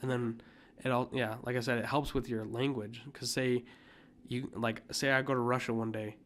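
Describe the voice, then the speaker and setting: A man's voice: medium pitch, level tone, normal speed, a bit bright. A man co-hosting a podcast in casual chat, rambling with lots of filler words. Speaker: podcast co-host.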